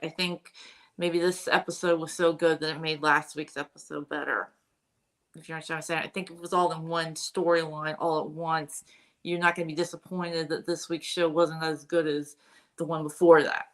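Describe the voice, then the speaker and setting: A woman's voice: lowish voice, a bit bright. A woman with a Midwestern accent, a guest on a podcast, chatting and explaining at length. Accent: Midwestern American. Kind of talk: casual podcast chat.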